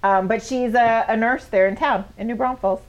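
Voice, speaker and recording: A woman's voice: on the high side, normal speed. A woman co-hosting a podcast in casual chat, supportive, filling in the story's details. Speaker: podcast co-host.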